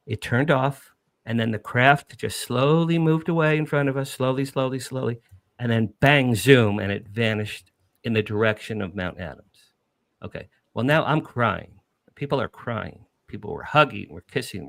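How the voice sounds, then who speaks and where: Gravelly middle-aged guy from new jersey, telling his story all worked up, repeating words, dry close sound. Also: medium pitch, no echo. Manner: animated, repetitive, emphatic. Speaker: podcast guest. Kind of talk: emotional first-person storytelling.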